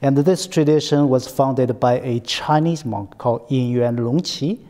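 A man's voice: mid-range voice, a little slow, warm tone. A man hosting an academic conversation, hesitant and repeating himself, often ending points with a tag question. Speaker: interview host, center scholar.

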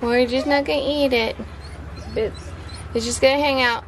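A woman's voice: sits high, steady tone, moderate pace. A mother vlogging outdoors by her chicken yard, chatting playfully with her son and laughing often. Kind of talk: casual vlog chat with her son. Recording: faint outdoor background noise.

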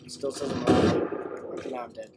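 A young man giving excitable live commentary while playing a video game, yelping and shrieking whenever his character dies. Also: medium pitch, fast talker, very noisy. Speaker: gamer.

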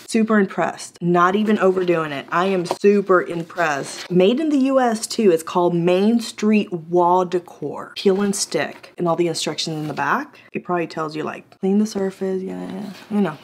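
A woman casually reviewing store finds for her vlog, bubbly and excitable, talking chattily with laughs and gasps. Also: on the low side. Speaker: product review vlogger.

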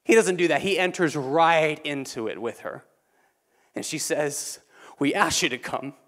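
Male pastor, conversational preaching, casual asides, somewhat high voice. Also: measured pace. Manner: swings between loud emphatic lines and quiet, low ones. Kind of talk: sermon.

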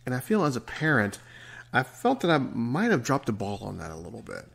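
Gravelly, earnest man in his forties. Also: medium pitch, wildly swooping pitch, a little fast, fairly bright tone. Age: 40s. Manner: earnest, rambling, trips over words. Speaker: podcast host. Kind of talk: reflective solo podcast monologue.

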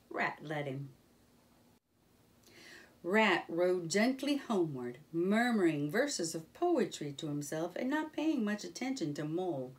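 A woman reading a children's storybook aloud in a gentle, expressive manner. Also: fairly low pitch, distant mic.

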